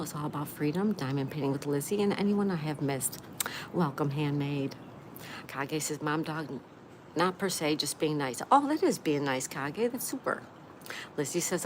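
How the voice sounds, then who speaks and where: A woman hosting a casual live stream, reading viewer comments aloud, greeting each person by name and answering with gushing exclamations. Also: sits low. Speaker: livestream host. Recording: noisy background ambience.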